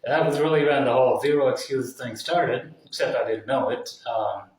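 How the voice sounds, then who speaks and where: A man talks at length in a loose, meandering way, cursing freely and circling back on his points. His voice sits at an ordinary pitch. He sounds set back from the mic, in a strongly echoing room. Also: normal speed. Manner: casual, profane, full of fillers and asides. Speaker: vlogger. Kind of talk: rambling opinion monologue. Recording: very echoey room, mic at a distance.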